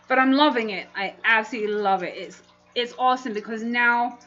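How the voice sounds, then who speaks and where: A woman's voice: a little high, a little fast, fairly bright tone, highs cut off, a little hiss or hum. A woman hosting a casual livestream, chatting and laughing often as she reads comments aloud. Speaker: livestream host.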